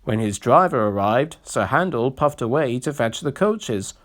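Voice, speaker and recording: A man narrating a storybook reading in an expressive, unhurried way. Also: mid-range voice.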